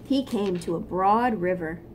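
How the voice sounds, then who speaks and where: A woman reading a picture book aloud to young children, gently stopping to explain things. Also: medium pitch, measured pace, a little hiss or hum. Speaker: storyteller for children.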